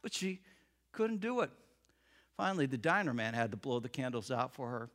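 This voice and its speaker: A man preaching, telling a story with lively acted-out voices. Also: mid-range voice, moderate pace. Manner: animated, acts out voices in the story. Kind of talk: sermon storytelling.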